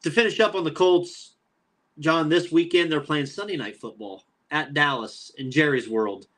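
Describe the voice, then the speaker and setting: A man, co-hosting a casual sports podcast. His voice sits a bit higher than most men's, and he trash-talks with animated, teasing energy. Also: normal speed. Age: 30s. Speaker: podcast co-host.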